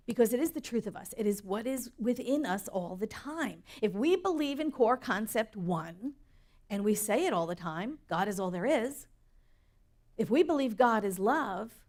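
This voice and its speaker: A woman's voice: mid-range voice, a little mellow. A middle-aged woman minister preaching a sermon in an earnest, storytelling way that rises for emphasis.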